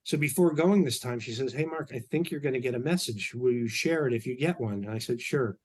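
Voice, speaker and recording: A man's voice: mid-range voice, brisk, breathy edge. Middle-aged male guest, loose anecdotal storyteller, lots of ums and restarts. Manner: relaxed anecdotal, many fillers and restarts. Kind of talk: storytelling in an interview.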